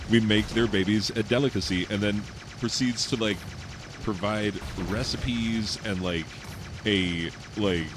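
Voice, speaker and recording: A man who teaches high school English, rambling in casual commentary while playing a game, full of fillers and laughs. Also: slow pace, noisy background. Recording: game gunfire and explosions behind the voice.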